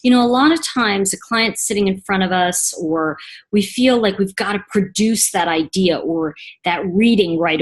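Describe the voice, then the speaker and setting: A woman teaching tarot reading in a chatty monologue, acting out little scenes in a hushed voice. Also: mid-range voice.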